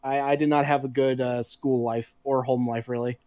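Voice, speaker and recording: A man chatting casually on a podcast, telling animated, profanity-laced stories. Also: mid-range voice, normal speed, no room sound. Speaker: podcast co-host. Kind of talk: casual chat.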